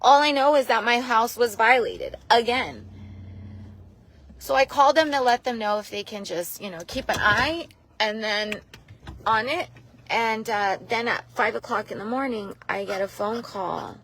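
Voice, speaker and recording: A woman's voice: fairly high pitch, unhurried, fairly bright tone. A woman vlogger telling a personal story to her viewers in a rambling, emotional way, tearful at times, with many restarts.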